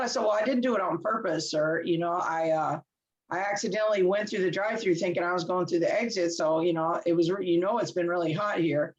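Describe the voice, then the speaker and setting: A woman, a guest telling her story in casual chat, animated and laughing often as she acts out quoted voices. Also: fairly low pitch, brisk, muffled recording. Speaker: interview guest.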